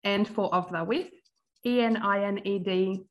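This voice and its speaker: A woman guest in a casual interview, chatting cheerfully about her teaching work at a mid pitch. She speaks with frequent ums and an easy laugh. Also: measured pace, poor audio. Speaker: guest, primary music teacher and Braille educator.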